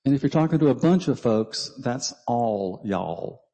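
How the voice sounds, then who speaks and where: A man's voice: mid-range voice, brisk, mellow. A man from South Carolina with a Southern accent, a guest speaker giving a humorous talk from a church pulpit, chatty, with many ums and self-deprecating jokes. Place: church sanctuary. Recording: long hall reverb.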